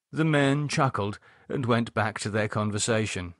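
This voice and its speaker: A man narrating a novel aloud in a lively, expressive reading, with a husky voice. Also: fairly low pitch, normal speed, no echo, clean studio sound. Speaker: audiobook narrator. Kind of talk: scripted narration.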